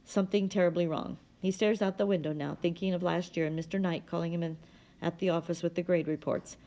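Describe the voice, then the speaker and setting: A woman reading a novel aloud in a steady, plain manner. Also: on the low side, quick pace. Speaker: audiobook reader.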